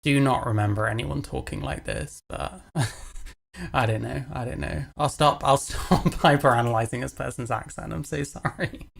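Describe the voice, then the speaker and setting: A woman's voice: very deep voice, normal speed, vocal fry. A streamer from England giving casual, mocking commentary on clips she plays, with rambling asides. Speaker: livestream host reacting to clips.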